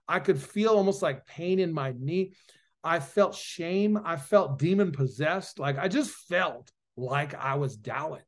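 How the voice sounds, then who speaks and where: A man's voice: on the high side, lively intonation, measured pace. A preacher and author, a man, telling an earnest, emotional personal testimony as an interview guest. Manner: earnest, emotional storytelling that swells louder at its peaks.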